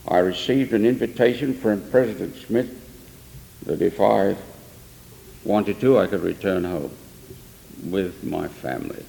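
A man's voice: low-pitched, measured pace, gravelly, long pauses, mellow. An older man preacher telling a story in an earnest sermon, with emphatic swells. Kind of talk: sermon testimony. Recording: long echo of a large hall.

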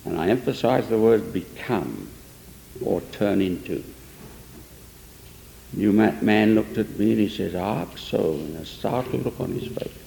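A man's voice: on the low side, animated, a little slow, creaky, pauses often, mellow, a little hiss or hum. An older man preacher telling a story in an earnest sermon, with emphatic swells. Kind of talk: sermon testimony. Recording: long echo of a large hall.

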